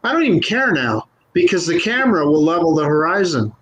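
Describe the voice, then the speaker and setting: Upbeat guy with a high voice gushing on a live show. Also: very animated, brisk, a bit bright, slight background noise, poor audio. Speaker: panelist on a live drone show. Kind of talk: casual chat.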